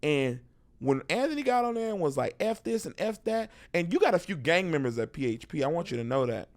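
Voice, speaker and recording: A man's voice: a little high, fast. A man, a stand-up comedian with a Texan accent, chatting casually as a podcast guest and acting out crowd voices as he tells stories. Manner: animated storyteller, acts out crowd voices. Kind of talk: casual interview chat.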